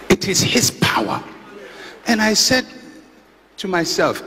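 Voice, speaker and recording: A middle-aged pastor preaches as if talking with friends, telling stories with dry humor. His pitch swings widely and animatedly. The voice rings with the long reverb of a large hall, over a faint background hiss. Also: sing-song, takes it slowly, long pauses, pushed and bright. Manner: conversational storytelling with dry humor and chuckles. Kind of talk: sermon.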